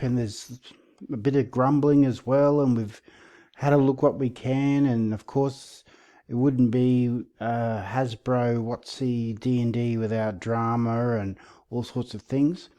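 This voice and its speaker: Male video host, warm low-key tone, easygoing sarcastic delivery. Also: slow. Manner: relaxed, self-aware, a bit sarcastic. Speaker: channel host. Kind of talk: casual commentary video.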